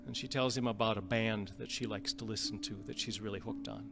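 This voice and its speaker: A male pastor from the Upper Midwest, telling a story in a sermon in a gentle, halting way and repeating phrases. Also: fairly low pitch, vocal fry. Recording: long reverb with guitar music behind.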